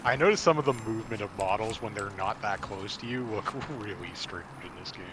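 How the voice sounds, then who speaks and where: A man's voice: on the low side, brisk. A man hosting a casual gameplay chat, making dry, knowledgeable, wry remarks. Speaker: gaming channel host. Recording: loud game noise and gunfire behind. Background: loud game sound effects.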